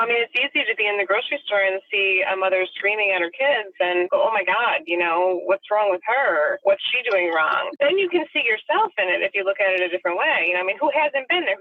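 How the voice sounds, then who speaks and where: A woman's voice: mid-range voice, dry recording. A woman guest, a writer and mother, talking candidly and emotionally in a podcast interview, laughing easily. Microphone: phone or call line. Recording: tinny phone line, dry.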